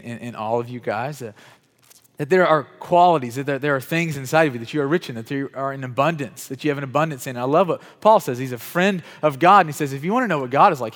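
Man preaching in a reverberant hall. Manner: conversational, addresses people in the room by name; swells louder and higher on key points. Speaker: pastor. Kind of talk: sermon. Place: church hall with chairs. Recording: reverberant hall, at times off mic.

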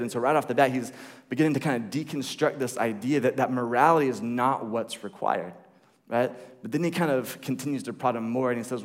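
A man's voice: medium pitch, fairly quick. Chatty young man preaching in a hall. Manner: relaxed, chatty, repeats words and restarts, asks "right?". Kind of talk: casual conversational sermon. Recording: long reverb of a hall.

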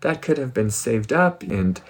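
A man putting on an indignant man who complains loudly about wasted money. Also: mid-range voice, very animated, measured pace, vocal fry, breathy edge, full character voice.

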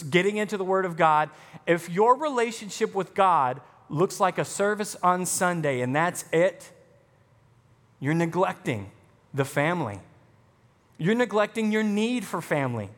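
A man preaching a sermon as pastor, emphatic, with punchy rising lines. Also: high voice. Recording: long hall reverb.

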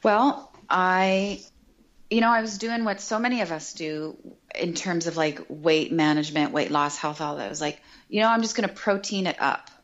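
A middle-aged woman talking as a podcast guest, chatty and animated, often acting out quoted remarks. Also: fairly low pitch, moderate pace, dull audio. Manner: animated and chatty, quotes herself and others in lively voices. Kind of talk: casual podcast conversation.

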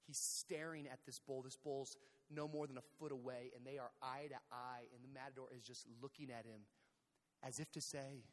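A man preaching a sermon, telling a story in an animated way, acting out scenes with shouts and sound effects. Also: mid-range voice, a little fast. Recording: long hall reverb.

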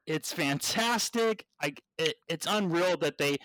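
A man hosting a casual podcast, enthusiastic and laughing easily, with some casual swearing. His voice sits a little high. The recording is dry and close. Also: a little slow, fairly bright tone, no room sound, rough recording. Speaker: podcast host. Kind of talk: casual chat.

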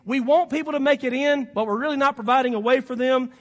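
A male pastor with a Southern accent delivers a folksy, exhorting sermon. His voice sits very high for a man. The sound carries a long reverb from the church sanctuary. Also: quick pace, hardly any pauses. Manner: folksy and exhorting, rising to emphatic peaks.

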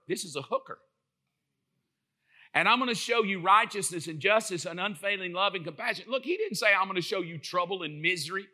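A middle-aged man preaching an impassioned sermon, often rising to shouts. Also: sits high.

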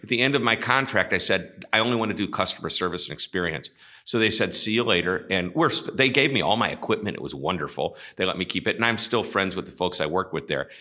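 A man's voice: low-pitched, animated, fast, pushed and bright. A middle-aged man, a guest on a podcast about customer service, talking in a chatty way and telling a joke with voices for each character. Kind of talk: casual interview talk.

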